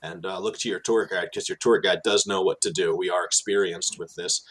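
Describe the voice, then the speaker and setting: A man, working as a tour guide, telling animated stories in casual chat with many fillers and restarts. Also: brisk, gravelly, breathy edge, poor audio. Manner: animated storyteller, many fillers and restarts, drops low for asides.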